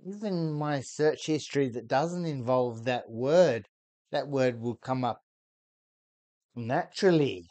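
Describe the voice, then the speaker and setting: A man's voice: medium pitch, expressive, slow, creaky, a little mellow, soft background music. An Australian man hosting a reaction video, chatting casually, laughing and swearing freely.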